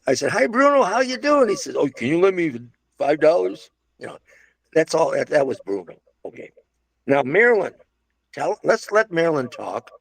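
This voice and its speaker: A man's voice: medium pitch, creaky, husky, dry recording. An older man reminiscing casually about his restaurant days, a rambling storyteller full of restarts and asides. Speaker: interviewee recalling restaurant days.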